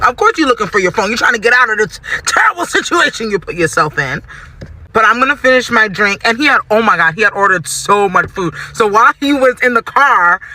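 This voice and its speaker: A woman's voice: medium pitch, bright, forceful tone. A young woman telling a dating story vlog-style, outspoken and laughing, swearing freely and getting worked up. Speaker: storyteller vlogger.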